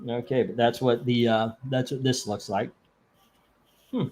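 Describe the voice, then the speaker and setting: A man's voice: medium pitch, fairly even intonation, measured pace, a little mellow, slight background noise. A man hosting a live comic book auction stream, chatting casually in a rambling, joking way and reading out viewer comments. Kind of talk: casual livestream chat.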